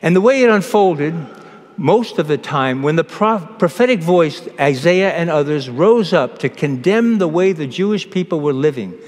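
A man who is a priest, giving a homily in a measured preaching manner with pauses and restarts, recorded in a church. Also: on the high side, expressive, a little mellow. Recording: long church reverb.

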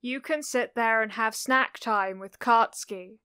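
A woman's voice: on the high side, a little slow, smooth. A woman reading as a caring, stern mother. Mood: gentle. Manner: scolding then soft and gentle. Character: caring mother figure, stern when scolding. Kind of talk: audiobook fan fiction reading.

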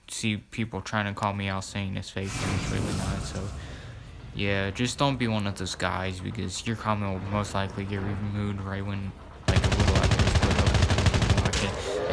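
Low gravelly male gamer rambling. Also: very noisy. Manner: rambling, repeats words, many fillers. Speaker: gaming YouTuber. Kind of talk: casual gameplay commentary. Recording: loud gameplay gunfire underneath. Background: loud game gunfire.

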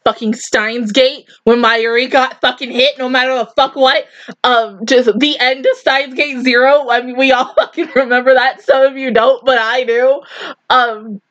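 A woman giving casual anime reaction commentary, with loud disbelieving outbursts, swearing and laughter. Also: sits high, fairly even intonation, normal speed, no room sound, muffled recording.

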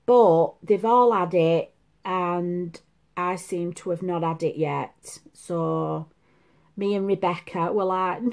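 A woman in her fifties talks at an easy, unhurried pace from her seat at home. She rambles in a confiding, chatty way as she hosts her make-up vlog. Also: fairly low pitch, darkish tone. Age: 50s. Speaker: make-up vlogger. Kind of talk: casual chat. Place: at home, seated.

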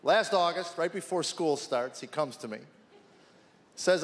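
A man's voice: fairly high pitch, a little slow. A middle-aged man doing stand-up comedy, telling exasperated stories about his teenage son in a wry, storytelling manner. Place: large theater stage with live audience. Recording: echoey hall, audience laughter.

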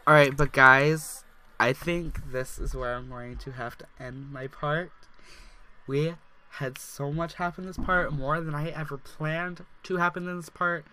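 A young man giving casual, excitable gameplay commentary as a let's play gamer, chatty and full of "like" fillers, his voice sounding a little off. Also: on the high side, measured pace, slight background noise.

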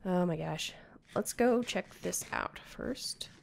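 A woman's voice: fairly low pitch, slow pace, creaky, slight background noise. A woman giving casual running commentary as she plays a video game, talking to herself as she goes. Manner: chatty, talks to herself while playing. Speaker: Minecraft player.

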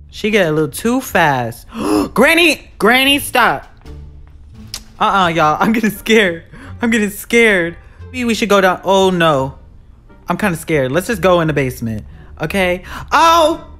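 A woman giving live commentary as she plays a horror game. She talks in an excitable, jumpy way, with sudden shrieks and slangy asides. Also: lowish voice. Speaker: gaming YouTuber.

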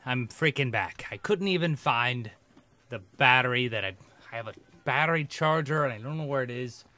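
A man's voice: mid-range voice, moderate pace, bright, forceful tone. A man giving gameplay commentary, grumbling and sarcastic as he talks to his audience. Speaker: let's play gamer.

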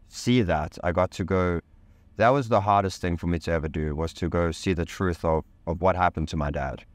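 A man with a very low, deep voice tells a personal story in an interview, recorded close and dry with no room sound. He speaks with intense emphasis, uses casual slang and swears freely. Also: dry recording. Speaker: podcast guest. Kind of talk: candid personal storytelling in conversation.

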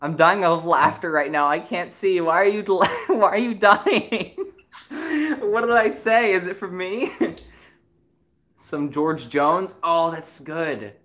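Excitable, giggly stream host with a mid-range voice, rambling chat between songs. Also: medium pitch, takes it slowly. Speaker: livestream host and musician. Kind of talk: casual livestream chat.

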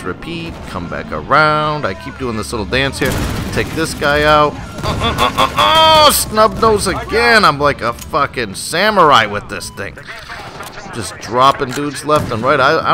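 Joking, profane male gamer commentating. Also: mid-range voice. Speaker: gaming channel host. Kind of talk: live gameplay commentary. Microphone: desktop USB microphone. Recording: noisy, game sounds behind. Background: shooter game sounds, vehicles.

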